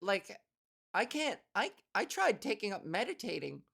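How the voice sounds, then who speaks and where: A woman's voice: medium pitch, very animated, moderate pace, vocal fry, fairly bright tone. A woman podcast host and comedian doing a rambling, profane solo monologue. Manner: rambling, profane, self-interrupting.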